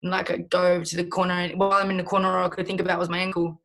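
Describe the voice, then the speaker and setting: A woman's voice: lowish voice, flat delivery, very fast, a bit bright. A young adult woman with an Australian accent, a professional boxer talking casually in an interview, rambling and swearing freely.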